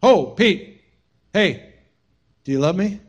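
A man voicing Jesus as a gentle man softly pleading with a friend. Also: high voice, expressive, slow, slightly rough, highs cut off, voice pushed up, heavily acted. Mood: gently insistent. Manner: soft, pleading, repetitive.

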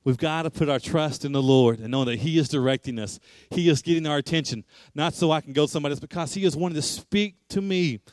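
A man's voice: a little high, quick pace, hardly any pauses, dry recording. A man preaching a sermon, emphatic and repetitive, asking rhetorical questions.

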